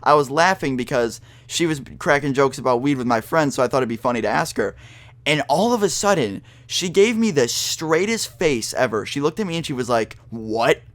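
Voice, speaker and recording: A man's voice: fairly high pitch, animated, brisk, no echo. A young man telling a story to the camera in a loose, rambling vlog, swearing often and filling gaps with ums and restarts. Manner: rambling, profane, with many fillers and restarts. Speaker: vlogger. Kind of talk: casual storytime monologue.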